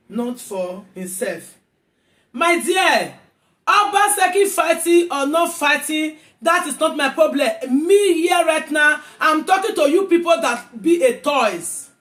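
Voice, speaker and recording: A woman with a Nigerian accent, ranting angrily in a vlog, repeating herself and often shouting. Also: sits high, animated, measured pace, reverberant. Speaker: vlogger. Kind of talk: angry rant to camera.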